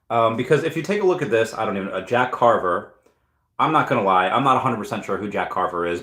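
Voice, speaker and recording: A man's voice: fairly low pitch, a bit bright, roomy sound. A man giving rambling, opinionated casual commentary on collectibles, coughing often and breaking off into asides. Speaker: crypto and collectibles YouTuber.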